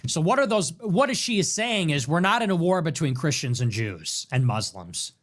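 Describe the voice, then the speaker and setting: A man's voice: a little high, very animated, normal speed, a bit bright. A man hosting a commentary show, reacting to clips in a mocking, sarcastic way and repeating phrases back. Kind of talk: political commentary stream.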